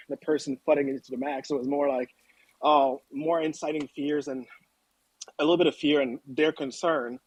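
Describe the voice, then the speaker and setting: A man's voice: mid-range voice, darkish tone, dry recording, low-quality recording. A man with a mid-range voice joins an online chat while lifting weights and sounds out of breath. He is upbeat and emphatic and swears casually. The sound is dry and close.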